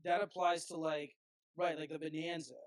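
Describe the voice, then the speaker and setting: A man's voice: fairly high pitch, level tone, moderate pace, no echo, low-quality recording. A man, a band's frontman, chatting as a podcast guest in a laid-back way, full of "like" fillers. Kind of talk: casual podcast chat.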